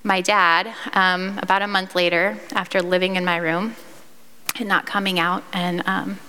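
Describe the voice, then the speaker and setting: A woman's voice: on the low side, little pitch movement, normal speed, bright, forceful tone, clean tone, long reverb tail. A woman in her thirties from Iowa, sharing her personal testimony in a candid, earnest storytelling way, with fillers and restarts. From Iowa, United States.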